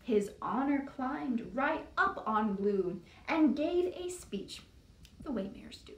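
A woman's voice: high-pitched, very animated, slow. A woman librarian reading a picture book aloud to young children in a sing-song storytime style, putting on voices. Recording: echoey room, distant mic.

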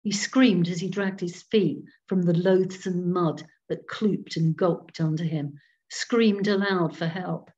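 Woman reading a spooky story, slow, lowish voice, dull zoom call audio. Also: fairly even intonation, darkish tone. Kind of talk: reading a ghost story aloud. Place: at home on a video call. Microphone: video call.

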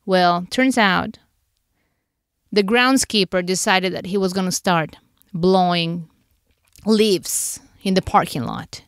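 A woman's voice: medium pitch, normal speed, a bit bright, clean tone, no room sound, clean studio sound. A woman podcast host candidly retelling an emotional personal story, acting out her own inner thoughts as she goes.

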